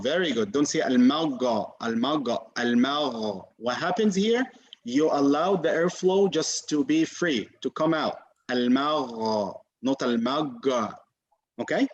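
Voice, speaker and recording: A man with a fairly high voice teaches a Quran recitation class over a video call, patient and encouraging, repeating and modeling sounds for his students. The video call audio is muffled, with a little hiss or hum.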